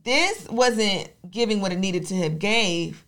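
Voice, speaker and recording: A woman co-hosting a podcast, chatting in a relaxed, self-deprecating way. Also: mid-range voice, slow pace. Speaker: podcast co-host. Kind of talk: casual chat.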